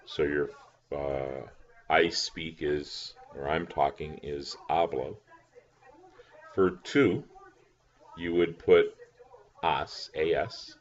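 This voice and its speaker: A man's voice: very deep voice, drawn-out words, long pauses, highs cut off. A man teaching a recorded lesson, patient, spelling words out letter by letter. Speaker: language teacher.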